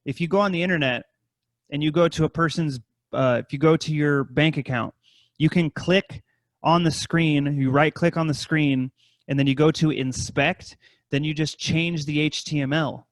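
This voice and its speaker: A man co-hosts a podcast in loose, rambling chat that is thick with swearing. His voice sits a little high for a man. The sound is dry and close, with no room echo. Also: fairly even intonation, moderate pace. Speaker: podcast co-host. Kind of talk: casual profane chat.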